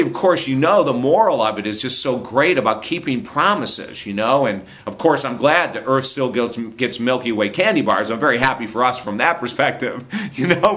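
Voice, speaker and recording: A male motivational speaker spinning funny true stories about kids. He sounds animated and amused, laughing often, with a bright, forward tone. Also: medium pitch. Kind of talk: storytelling monologue.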